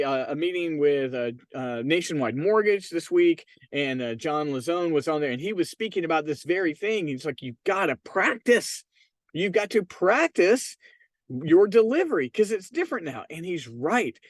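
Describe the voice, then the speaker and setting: On a solo podcast, a man with a voice on the high side gives emphatic, persuasive business advice directly to his listeners. He is a real estate marketing consultant, and the recording has no room sound.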